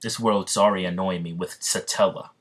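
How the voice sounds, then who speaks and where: A haughty young demon king with a deep voice, put on by a man telling a fan story. He talks down to everyone in a cool, dismissive way. The whole story is told aloud in a plain, unpolished read. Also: steady tone, brisk, fairly bright tone.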